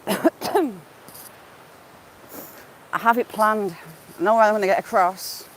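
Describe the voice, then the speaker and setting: A woman's voice: medium pitch, slow, low-quality recording. A woman vlogging a walk along a river, chatting casually and greeting viewers by name as she goes. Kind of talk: casual live-stream walk chat. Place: outdoors by a wooded river. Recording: faint outdoor background noise.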